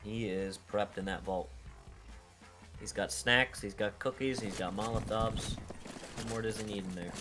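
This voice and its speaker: A man's voice: lowish voice, fairly even intonation, unhurried, music in the background. A man casting an esports match play-by-play, his energy rising when the fights break out. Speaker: esports caster.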